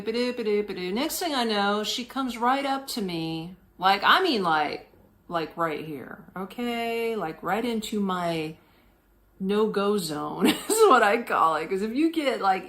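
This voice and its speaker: A woman tells a travel story in a casual, slangy way. Her pitch swings widely as she goes. She laughs often and mimics the people in her story. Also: fairly bright tone. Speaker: podcast host.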